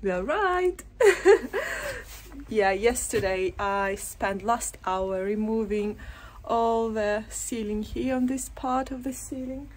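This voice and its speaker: A woman's voice: medium pitch, fairly even intonation, slow, a little mellow. Nervous woman vlogging in an empty house. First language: Russian. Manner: breathless and jumpy, gasping and laughing nervously. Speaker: vlogger renovating an old house. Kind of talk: casual vlog chat. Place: inside an old empty house.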